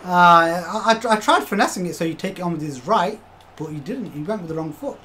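A man's voice: high-pitched, animated, a little fast, sharp tone, slight background noise. A young man commentating his own football video game match live, swearing often and talking to his chat as "lads". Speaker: game streamer.

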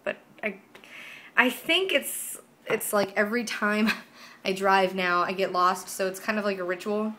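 A woman's voice: medium pitch, a little slow, sharp tone, a little hiss or hum. Rambling, giggly young woman vlogger. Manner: chatty, rambling, giggly, swears freely. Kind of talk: casual vlog chat. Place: at home by a white wall.

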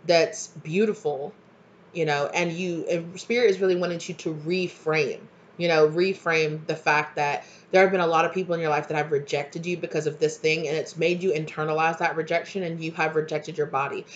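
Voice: mid-range voice, steady tone, fairly quick, hardly any pauses, muffled recording. A tarot reader giving a casual collective reading, rambling through many fillers in an earnest, encouraging way. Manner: rambling, frequent fillers and "you know".

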